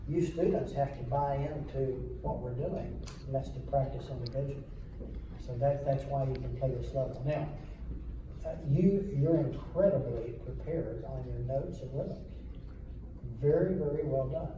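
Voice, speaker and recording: A man's voice: mid-range voice, normal speed. A man coaching a school wind ensemble as a guest clinician, chatty and joking and quizzing the players. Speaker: band clinician. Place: large echoey hall, in front of a band. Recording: echoey hall from far off, with noise.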